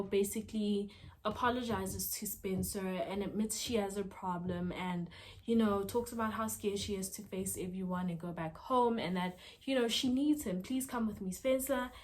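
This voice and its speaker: A woman casually recapping a TV episode, talking in a chatty way with lots of fillers and asides. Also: mid-range voice. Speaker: TV episode reviewer.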